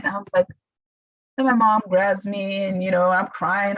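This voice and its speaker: A young adult woman, a podcast guest, telling her story in a halting, emotional way and acting out what others said. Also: medium pitch, no echo, muffled recording. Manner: emotional, halting, quotes others in lively voices. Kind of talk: casual interview storytelling.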